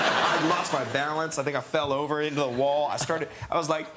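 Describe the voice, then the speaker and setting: A young man telling an excitable anecdote on a talk show, laughing and stammering as he acts out the voices. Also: on the high side, fairly quick, few pauses. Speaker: actor telling a story. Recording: noisy archive clip.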